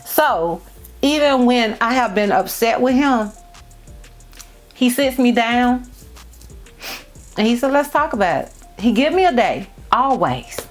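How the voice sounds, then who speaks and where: A woman's voice: on the high side, lively intonation, takes it slowly, pauses often, faint music behind. A woman in her thirties telling viewers a personal story while getting ready, heartfelt and repeating phrases for emphasis. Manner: addresses viewers as y'all and girl. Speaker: beauty vlogger. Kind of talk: casual storytime chat.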